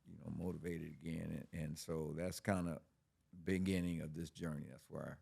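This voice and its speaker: A man's voice: extremely low pitch, normal speed, vocal fry, breathy edge. A man casually telling his recovery story on a podcast, profane and street-talking. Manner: profane, street-talking, animated when quoting. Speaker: podcast guest.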